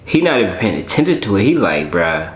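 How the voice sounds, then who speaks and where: A man's voice: on the low side, very animated, fast talker, reverberant. A man giving casual reaction commentary in a blunt, slangy, mocking way. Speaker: reaction streamer.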